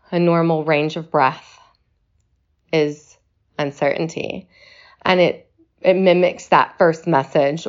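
A woman speaking slowly and reflectively in a personal video message, short of breath and pausing to reassure her listeners. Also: low voice, lo-fi sound. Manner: slow, reflective, reassuring delivery.

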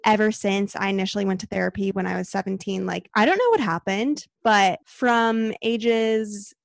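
Candid young woman with a gravelly voice. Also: medium pitch, moderate pace, dry recording. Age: 20s. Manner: candid, chatty, laughs easily. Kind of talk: casual conversation.

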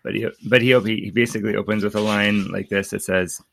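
A man's voice: lowish voice, fairly even intonation, a little fast, vocal fry, a bit bright, slight background noise. A man in his thirties hosting a casual book-club podcast, rambling with many restarts and laughing often. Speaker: podcast host.

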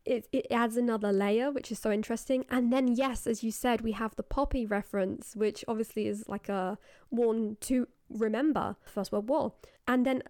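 A woman's voice: a little high, fairly even intonation, moderate pace, darkish tone, no echo, clean studio sound. A woman in casual podcast chat, enthusiastically analyzing song lyrics and their metaphors.

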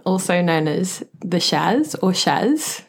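A woman's voice: lowish voice, big pitch swings, slow pace, gravelly, slight background noise. A woman, a guest on a casual podcast, talking in a dry, sarcastic way. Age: 20s. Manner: dry, sarcastic, laughing a lot. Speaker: guest co-host. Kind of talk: casual comedic podcast banter.

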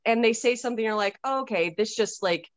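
A woman author talking candidly on a podcast, swearing freely and breaking into animated outbursts. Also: fairly high pitch, quick pace, no echo, muffled recording. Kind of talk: casual podcast chat.

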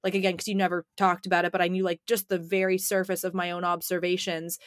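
A woman's voice: fairly low pitch, flat delivery, quick pace, no echo, studio quality. A young woman co-hosting a podcast, chatting casually with many fillers. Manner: chatty, lots of fillers, laughs as she talks. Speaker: podcast co-host.

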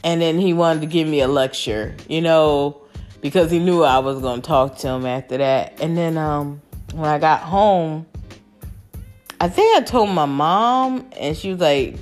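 A woman casually telling a story from her dating life, animated and swearing freely, with a lively, expressive delivery. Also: low-pitched, measured pace, soft background music. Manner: animated, chatty, swears casually, quotes others in raised voices.

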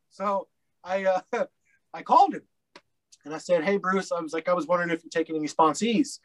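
A man from Colorado with a fairly high voice talks as a podcast guest. He tells his story candidly, rambling through fillers and swearing bluntly. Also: fast, a bit bright, rough recording. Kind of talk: casual storytelling interview.

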